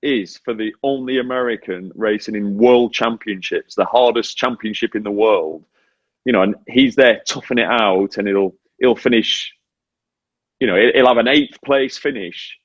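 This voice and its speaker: A man's voice: fairly low pitch, normal speed, no room sound, highs cut off. A British man in his forties, a former motorcycle racer, chatting animatedly as an interview guest over a remote link. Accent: British English. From Britain. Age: 40s. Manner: animated, self-deprecating storytelling. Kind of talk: casual interview chat.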